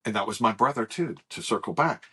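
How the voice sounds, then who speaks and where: A middle-aged man co-hosting a podcast, telling a personal story in a halting, animated way with frequent restarts. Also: on the low side, breathy edge. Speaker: podcast co-host. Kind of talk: casual chat, personal storytelling.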